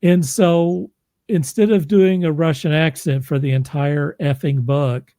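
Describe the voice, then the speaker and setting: A man's voice: on the high side, steady tone, a little slow, dark tone, dry recording. Rambling self-deprecating man narrator. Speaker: audiobook narrator and author. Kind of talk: casual chat.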